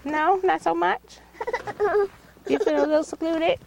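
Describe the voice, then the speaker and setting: A woman's voice: very high-pitched, fairly even intonation, unhurried, gravelly, noisy background. A mother speaking in gasping, giggly baby talk while playing with toys with her child. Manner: sing-song, gasping, giggly.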